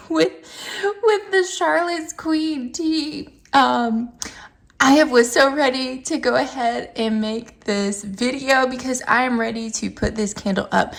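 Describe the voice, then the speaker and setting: A woman's voice: fairly high pitch, creaky. A woman chatting casually to camera as she reviews a scented candle, emphatic and playful. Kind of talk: casual vlog chat.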